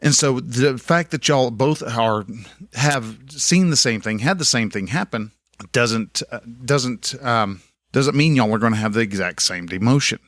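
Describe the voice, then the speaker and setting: A man's voice: mid-range voice, a little slow, a bit bright, no room sound, studio quality. A young man talking casually on his podcast, rambling and folksy, correcting himself as he goes. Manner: rambling, folksy, self-correcting with many restarts. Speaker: podcast host. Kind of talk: casual solo podcast monologue.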